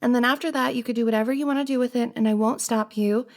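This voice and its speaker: A woman's voice: a little high, steady tone, fast talker. Woman as a pleading best friend, whispered role-play. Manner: soft, pleading, earnest, hesitant. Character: flustered best friend confessing feelings. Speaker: ASMR roleplay performer.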